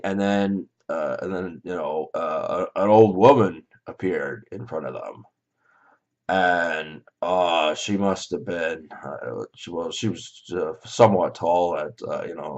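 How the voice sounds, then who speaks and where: A Canadian man recounting a dream in a rambling, hesitant way, full of fillers and restarts. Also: low voice. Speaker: vlogger. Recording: slightly dull lo-fi audio.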